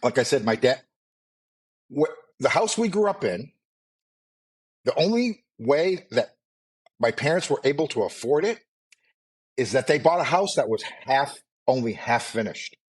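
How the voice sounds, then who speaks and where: Relaxed rambling man with a mild Maine accent. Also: mid-range voice, measured pace, long pauses, slightly rough. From Maine, USA. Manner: rambling, relaxed, with fillers and asides. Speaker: podcast co-host. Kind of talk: casual chat.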